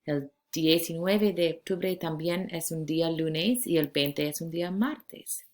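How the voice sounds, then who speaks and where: A woman in her forties from California, giving a recorded Spanish lesson to her class in slow, clear instructions. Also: low-pitched. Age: 40s. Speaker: Spanish teacher.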